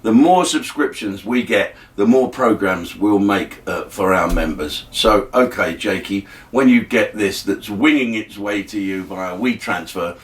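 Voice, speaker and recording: A man's voice: fairly low pitch, measured pace, few pauses, recorded from a distance. An older man, hosting a casual comic monologue in a wry, rambling way full of fillers and restarts. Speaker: host. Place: by the water.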